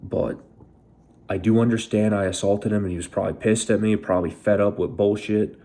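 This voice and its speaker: A young man with a low, mellow voice tells his own story straight to camera. He sounds bitter and angry and swears constantly. He talks like a veteran venting about how he was treated. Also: fairly even intonation, a little fast. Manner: angry, heavily profane, bitter. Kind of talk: emotional first-person storytelling.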